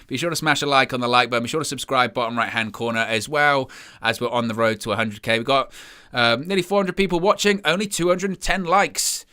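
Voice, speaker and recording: A man's voice: mid-range voice, fast talker, hardly any pauses, bright, forceful tone, smooth. A young man hosting a live football watch-along, rambling and glum about his team's play. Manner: dejected, rambling, self-mocking. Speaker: match watch-along host.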